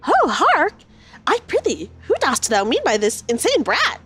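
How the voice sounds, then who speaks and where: A woman's voice: high-pitched, wildly swooping pitch, measured pace, fairly bright tone, voice pushed up, full character voice. A woman voicing an over-the-top knightly heroine who speaks in old-fashioned courtly words. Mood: exclamatory.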